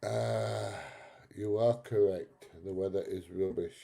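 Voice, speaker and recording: A man's voice: fairly low pitch, fairly even intonation, slow pace, vocal fry, dark tone. A middle-aged British man hosting a live stream, chatting casually through viewer comments, laughing often and calling people mate. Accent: British English.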